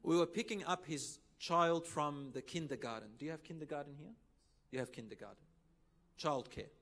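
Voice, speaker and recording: Animated man preaching with storytelling. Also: fairly high pitch, normal speed. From Lebanon. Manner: animated, acts out quoted dialogue with sudden loud rises; mixes Arabic phrases into English. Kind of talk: sermon with storytelling.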